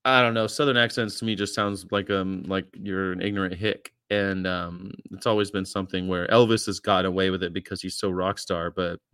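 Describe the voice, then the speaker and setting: A man's voice: low-pitched, fairly even intonation, a little fast, hardly any pauses, a bit bright, clear, resonant tone, no echo, studio quality. Blunt, teasing man from the States. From United States. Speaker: podcast co-host. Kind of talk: casual podcast chat. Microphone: video call.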